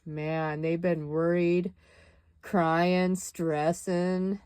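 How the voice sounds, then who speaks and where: A woman's voice: fairly low pitch, flat delivery, drawn-out words, a little mellow, clean tone, dry recording. A woman doing a tarot reading, musing and dramatic, with exclamations and sighs. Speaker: tarot reader.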